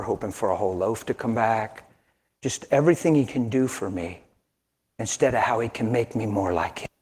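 A man in his sixties preaching a sermon, dropping to hushed near-whispers and then rising to emphatic lines, with folksy conversational asides. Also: medium pitch. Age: 60s. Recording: long hall reverb.

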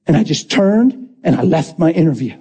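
A man preaching a lively testimony, acting out the voices in his story and laughing often. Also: on the high side, normal speed, husky. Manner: animated, acts out quotes, laughs often. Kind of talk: sermon storytelling.

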